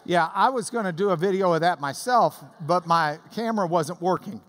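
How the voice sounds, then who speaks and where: A Bible study teacher giving a lively classroom lesson, chanting out rhythms to make a point. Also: medium pitch, moderate pace, very noisy. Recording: long reverb in a hall.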